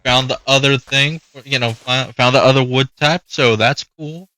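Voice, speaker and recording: A gaming YouTuber gives casual gameplay commentary, chatting away and talking to the animals in his game. His mid-range voice moves at normal speed with a bright, forceful tone, and there's no echo.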